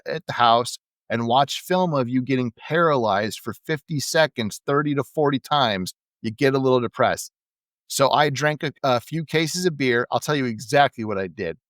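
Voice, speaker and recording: A man reading out the lines of a gruff, defiant male wrestler, blunt, combative and full of curses. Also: mid-range voice, fairly bright tone, dry recording, close to an everyday voice.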